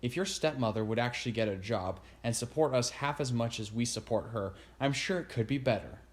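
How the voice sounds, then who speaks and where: A man's voice: mid-range voice, a little fast, natural voice. A man voicing a small, blunt, always-hungry male pet dragon in a storybook reading.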